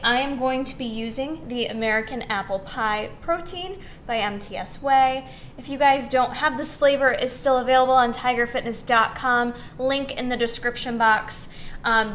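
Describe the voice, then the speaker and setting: A woman's voice: fairly high pitch, a bit bright, a little hiss or hum. A young woman hosting a casual recipe demonstration, chatty and upbeat, with lots of "um" and "like". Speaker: fitness recipe host.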